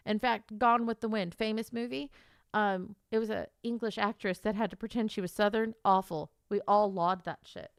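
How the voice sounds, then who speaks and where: A young American woman streamer telling a gossipy story in casual chat, animated and full of exaggerated quoted asides. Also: medium pitch, moderate pace, creaky, smooth, no room sound, clean studio sound.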